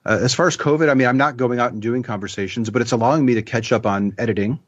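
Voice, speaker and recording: A man as an interview guest, explaining his plans in a relaxed, thoughtful way. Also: mid-range voice, fast talker, dull audio. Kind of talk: casual interview.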